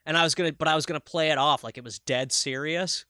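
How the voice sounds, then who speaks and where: A man co-hosting a podcast in a bright, slightly high voice, spinning animated stories peppered with swearing and "like". The recording is dry and close, with no room sound. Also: fast, no room sound. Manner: animated storyteller, swears freely, lots of "like". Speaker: podcast co-host. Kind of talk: casual chat.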